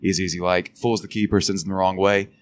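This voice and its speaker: A man's voice: sits low, little pitch movement, fast. A man co-hosting a podcast, casually recapping a soccer match in a chatty way. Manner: chatty, swears casually, laughs. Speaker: podcast co-host.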